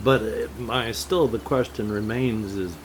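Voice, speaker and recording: Slow, rambling older man vlogging. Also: on the low side, background noise. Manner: slow, meandering, jumps between topics with chuckles. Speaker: gaming vlogger. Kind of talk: rambling casual monologue.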